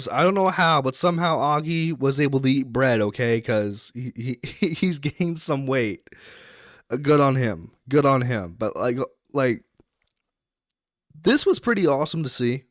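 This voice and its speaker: A man at a middle pitch hosts an online talk show, cracking blunt jokes and laughing through his commentary on community drama. His voice sounds dry and close to the mic. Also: no room sound. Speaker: internet radio host.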